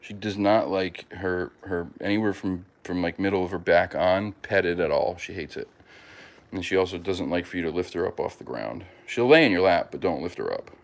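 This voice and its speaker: A man's voice: sits low, normal speed, creaky. A man chatting casually at home as a podcast host, rambling with lots of fillers and restarts and talking fondly about his pets. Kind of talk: casual chat.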